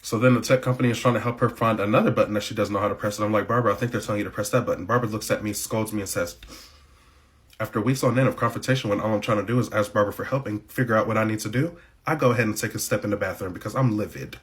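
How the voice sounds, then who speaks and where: A man's voice: fairly low pitch, very fast. A man from the United States telling a workplace story to camera in a blunt, profane, wry, casual way.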